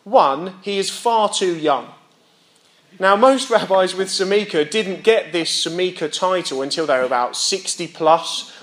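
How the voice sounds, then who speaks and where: Young male preacher, high voice, explanatory sermon delivery, asks the audience questions. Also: a bit bright. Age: young adult. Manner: explains and checks in with listeners; reads scripture aloud and voices rhetorical questions.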